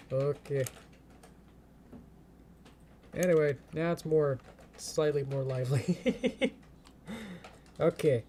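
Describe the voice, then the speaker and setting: Live streamer, unhurried and soft-toned, thinking aloud at the desk. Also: mid-range voice, a little hiss or hum. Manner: thinks aloud, chants step by step, laughs often. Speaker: animation streamer. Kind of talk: casual live-stream narration while animating.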